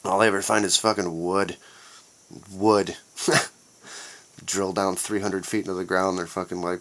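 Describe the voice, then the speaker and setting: A man's voice: low-pitched, animated, normal speed, a bit bright. A man hosting his own podcast, ranting angrily with heavy profanity and sarcasm. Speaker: podcast host. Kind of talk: solo podcast rant.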